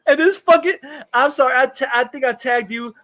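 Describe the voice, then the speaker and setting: Very high-voiced man ranting crudely. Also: a little fast, sharp tone, rough recording. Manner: crude, heated and mocking, laughs at his co-host. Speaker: co-host of a live movie-review stream. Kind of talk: casual profane rant.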